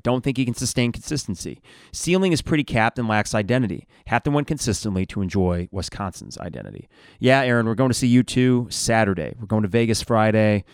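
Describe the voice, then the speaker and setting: A middle-aged man hosts a sports podcast, working through a stack of listener comments in a wry, conversational way. His voice sits at an ordinary middle pitch and comes across dry and close, with no room sound around it. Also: no room sound. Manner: wry, conversational, reads out comments one after another. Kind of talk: reading listener replies aloud, casual commentary.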